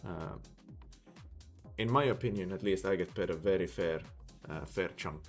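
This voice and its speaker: This livestreamer from Sweden talks in a low voice at a moderate pace, with faint music behind him. His Swedish-accented chat is casual and rambling, full of fillers while he thinks out loud.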